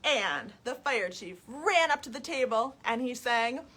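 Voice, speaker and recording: Bright bubbly library lady doing storytime, high voice, takes her time. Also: unhurried. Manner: lively, inviting children to sing along. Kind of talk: children's storytime reading. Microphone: webcam on a live stream.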